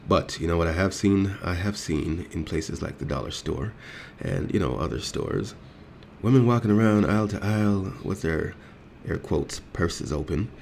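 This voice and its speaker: A man's voice: deep voice, normal speed, creaky, a little mellow, a little hiss or hum. A grown man telling a story as a heated, profane rant, acting out the exchanges in it. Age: adult.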